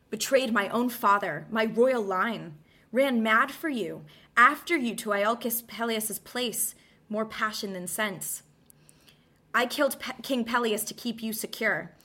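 A woman's voice: mid-range voice, sharp tone. Woman reading a bitter betrayed Greek queen. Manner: impassioned, bitter, declaiming. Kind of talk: dramatic monologue reading.

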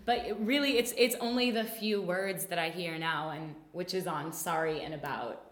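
A woman's voice: on the low side, moderate pace. A woman with an American Michigan accent, chatting casually and laughing easily. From Detroit, Michigan. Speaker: conversation partner. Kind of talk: casual chat. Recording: roomy echo.

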